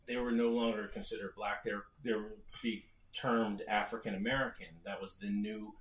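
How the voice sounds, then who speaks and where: A man's voice: lowish voice, little pitch movement, normal speed, slight background noise. A middle-aged man co-hosting a podcast, explaining at length and often restarting his phrases. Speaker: podcast co-host. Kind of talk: casual discussion. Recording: roomy echo.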